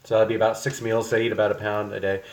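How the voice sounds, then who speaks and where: A man's voice: fairly low pitch, level tone, racing. Chatty man cooking on a stream. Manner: chatty, rambling, lots of ums and asides. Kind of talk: casual livestream chat while cooking. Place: home kitchen.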